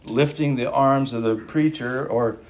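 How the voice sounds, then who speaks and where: Delivering an urgent, emphatic sermon, this male pastor hammers home important lines through repetition while his pace quickens and eases. He speaks in a mid-range voice with fairly even intonation.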